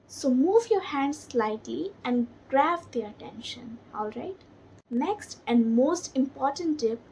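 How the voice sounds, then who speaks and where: A woman with an Indian English accent teaching spoken English and soft skills, talking slowly and carefully and stretching her intonation to demonstrate it. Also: high-pitched, a little hiss or hum, low-quality recording. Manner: slow, deliberate delivery with demonstrative intonation. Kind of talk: instructional talk to camera.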